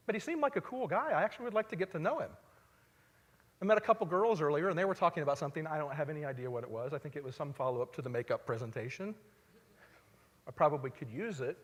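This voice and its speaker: A man giving a live stage talk, telling stories conversationally and swinging between loud emphasis and quiet asides. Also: a little high. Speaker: speaker at a live talk event. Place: large hall, on stage before an audience. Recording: long hall reverb.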